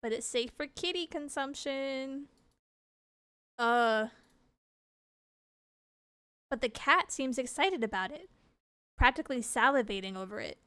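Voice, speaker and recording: A woman's voice: high-pitched, expressive, unhurried, pauses often, bright, forceful tone, clean tone, no echo. A woman streamer reading a game's text aloud, laughing and reacting with disgust between lines.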